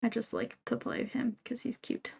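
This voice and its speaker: A woman streamer reading game dialogue aloud with playful asides, her voice a bit hoarse. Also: a little high, level tone, moderate pace, a little mellow, dull audio. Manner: reads lines in character, playful asides.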